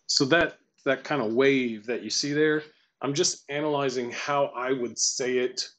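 A man walking through a software tutorial casually, thinking aloud and reading lines out to test them. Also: mid-range voice, fairly even intonation, unhurried. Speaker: tutorial presenter. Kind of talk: screen-recorded software tutorial.

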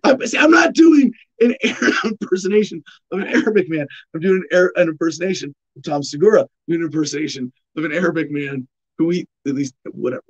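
A man's voice: fairly high pitch, lively intonation, fast, slightly rough, dull audio. A man hosting a podcast, reading headlines and riffing on them sarcastically, with frequent restarts and laughs. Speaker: podcast host. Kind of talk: casual news commentary.

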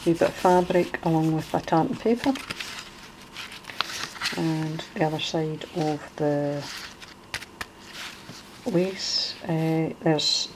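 In a relaxed show-and-tell, a Glasgow-accented Scottish crafter in middle age presents her junk journal, often using fillers and starting over. She speaks slowly in a low voice, leaving long pauses, and background noise can be heard.

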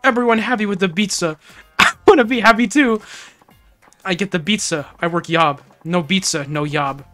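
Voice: mid-range voice, normal speed, sharp tone, faint music behind, natural voice. A streamer putting on a woman in broken English. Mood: pleading.

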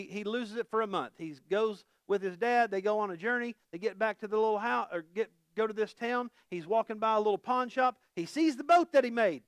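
A man's voice: high voice, no echo, clean studio sound. A middle-aged man preaching a conversational sermon as pastor, folksy and quizzing the congregation with questions.

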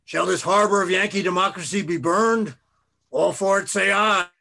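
Man putting on a rowdy, yelling British officer. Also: sits high, moderate pace, gravelly, full character voice. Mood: gleeful yelling.

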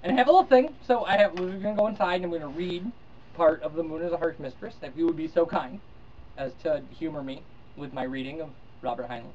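A man's voice: a little high, fast talker, darkish tone, far from the mic, slight background noise. A man talking casually about a science fiction novel, rambling with fillers and restarts. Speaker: book reviewer. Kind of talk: casual book review with read-aloud. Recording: dull lo-fi sound, slightly off-mic.

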